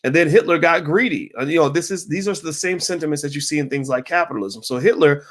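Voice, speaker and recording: A man hosting a casual livestream, answering viewer questions in an emphatic, animated way with mocking asides. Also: a little high, quick pace.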